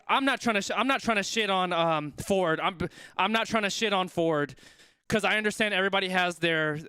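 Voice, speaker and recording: A man hosting a live watch-along stream, giving excitable sports commentary and repeating his exclamations. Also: sits high, clean tone, dry recording, studio quality.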